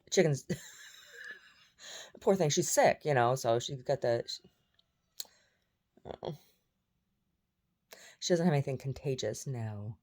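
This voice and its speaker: A woman's voice: extremely low pitch, lively intonation, slow pace, long pauses, darkish tone. A woman vlogging in a rambling, chatty way, jumping between topics. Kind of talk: casual chat.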